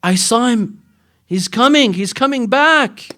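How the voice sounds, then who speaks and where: A man's voice: extremely high pitch, lively intonation, unhurried, sharp tone, pitched above the performer's own voice, heavily acted. A man voicing a three-year-old girl who pleads tearfully for her father, in a sermon's retold story. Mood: pleading. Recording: echoey hall reverb.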